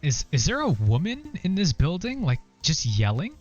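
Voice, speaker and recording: A man putting on the voice of a worried passerby who asks earnest, puzzled questions in a raised pitch. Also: wildly swooping pitch, normal speed, a little mellow, dull audio, faint music behind. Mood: concerned. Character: worried adult passerby asking about the noise.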